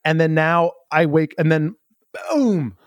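A man telling a long, earnest story, rambling and halting with many restarts. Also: fairly high pitch, animated, no echo. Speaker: guest. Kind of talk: improv comedy storytelling.

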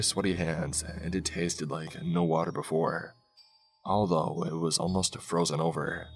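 A man narrating a first-person scary story in a slow, hushed way, with soft music behind him. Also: sits low. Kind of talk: scripted horror story narration. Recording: faint background music.

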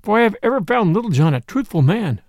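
A man's voice: high voice, sing-song, fast talker, dry recording, clean studio sound. A man voicing a jolly outlaw leader who teases with mock gravity, in an audiobook reading. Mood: mock-grave. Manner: teasing and mock-grave.

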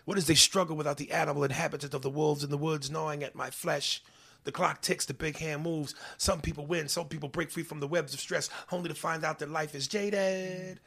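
Guy doing a fake-deep poet, hushed and solemn, kinda gravelly, pompous. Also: fairly even intonation, brisk. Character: pretentious male poet, mock-deep, rambling.

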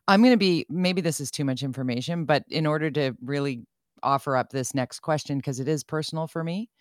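A woman's voice: sits low, brisk, no echo, studio quality. A woman hosting a radio interview, speaking candidly and with self-deprecating humor, often laughing as she talks. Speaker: radio host.

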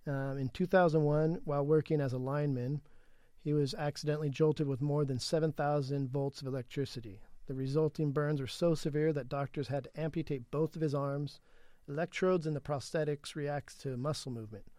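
A man co-hosting a casual podcast, reading chatbot transcripts aloud in a flat, even delivery. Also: on the high side, fairly quick, no echo, clean studio sound.

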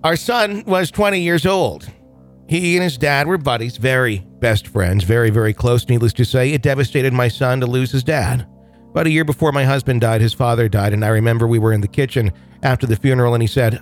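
A man hosting a podcast in an easygoing, joking manner. He rambles casually with plenty of ums and uhs, then settles into reading a listener's story aloud at a steady pace. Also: medium pitch, a little fast, faint music behind. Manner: relaxed, joking, with many fillers. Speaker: podcast host.

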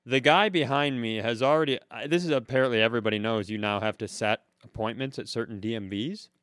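A man's voice: mid-range voice, fast talker, a bit bright, no room sound, clean studio sound. Rambling Midwestern man telling a story. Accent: Upper Midwest American. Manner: rambling storyteller, acts out other people's lines. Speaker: podcast co-host. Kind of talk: casual comedic chat.

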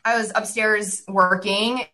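A woman's voice: mid-range voice, fairly even intonation, slow pace, sharp tone, rough recording. A woman in her thirties, a guest on a podcast, chatting candidly, laughing often and swearing freely. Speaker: guest author. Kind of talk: casual interview chat.

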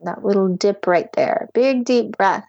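A woman guiding a tapping session with calm step-by-step instructions, sighing deeply between phrases. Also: unhurried, vocal fry, dry recording, lo-fi sound. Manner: calm step-by-step instructions, leading group repetition. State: deep audible sighs and yawns between phrases. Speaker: tapping practitioner. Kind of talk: guided tapping session with breathing.

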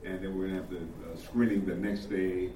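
A man's voice: low-pitched, level tone, a little fast, dark tone, a little hiss or hum. An older male actor telling chatty stories at a panel Q&A, chuckling often. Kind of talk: panel Q&A storytelling. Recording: echoey room, distant mic, faint ambience.

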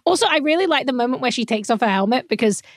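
A woman co-hosting a podcast, chatting with jokey enthusiasm and quoting characters. Her voice sits high. The recording is close and dry. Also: animated, rapid-fire, no echo. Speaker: podcast co-host. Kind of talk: casual recap chat.

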